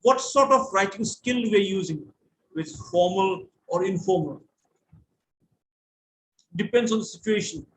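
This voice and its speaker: A man's voice: high voice, unhurried, pauses often, a bit bright, rough recording. A man with an Indian English accent giving an online lecture to students, explaining patiently and spelling words out letter by letter over a video call.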